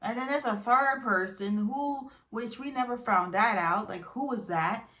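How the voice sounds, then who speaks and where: A woman giving a casual, opinionated recap of a reality show, chatty and full of fillers, getting animated when she is indignant. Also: a little high, measured pace.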